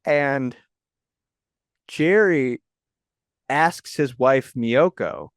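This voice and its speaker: A man in the middle of a relaxed movie podcast, talking enthusiastically and rambling through his points with plenty of fillers. His voice sits at an average pitch, and the recording is dry and close with no room sound. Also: extremely slow, no room sound. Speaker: podcast host. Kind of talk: casual movie discussion.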